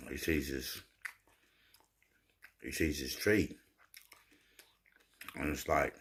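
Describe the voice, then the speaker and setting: A man's voice: rumbling low, drawn-out words, a bit bright, slight background noise. A man, rambling and telling jokes in a laid-back way, often repeating his words. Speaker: vlogger. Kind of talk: rambling casual storytelling.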